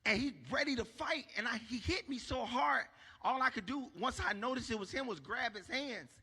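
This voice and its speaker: A man telling a stand-up story on a church stage, animated, acting out shouts and asking the crowd if they follow. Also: extremely high pitch, normal speed, breathy edge, in a large hall. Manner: animated, acts out shouts, asks the crowd for agreement. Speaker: stand-up comedian.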